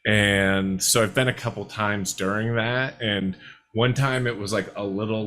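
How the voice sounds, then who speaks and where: A man's voice: lowish voice, fairly even intonation, measured pace, fairly bright tone, faint music behind. A man co-hosting a podcast, telling a long, rambling story full of fillers in casual chat. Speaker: podcast co-host.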